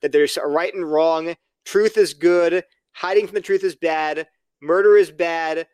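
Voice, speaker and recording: As a podcast guest, a man with a fairly high, steady and slightly mellow voice speaks unhurriedly. He explains his view earnestly and argumentatively, playing both sides of imagined exchanges in casual conversation. The tone is clean, with no echo.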